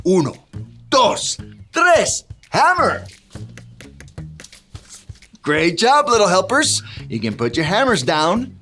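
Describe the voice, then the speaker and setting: A woman's voice: mid-range voice, sing-song, slow pace, pauses often, fairly bright tone, soft background music, heavily acted. Luis the Handyman, a playful kids' storyteller, as a woman puts him on. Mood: cheerful. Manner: playful, calls kids to join in. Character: cheerful male handyman storyteller. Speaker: children's church presenter. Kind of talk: kids' Bible story with actions.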